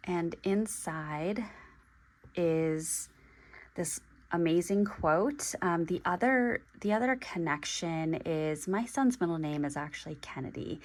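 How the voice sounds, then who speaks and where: Woman in her forties, low voice, slow and halting, lots of ums, unboxing stuff for her channel. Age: 40s. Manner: hesitant, halting, many ums and restarts. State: emotional, getting teary. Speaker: stationery vlogger. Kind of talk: casual unboxing vlog.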